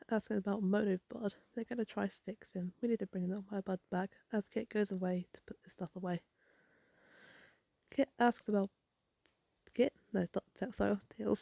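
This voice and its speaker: Gravelly-voiced woman reviewing a comic. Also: mid-range voice, mellow, dry recording. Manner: rambling, apologetic. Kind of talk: casual chat.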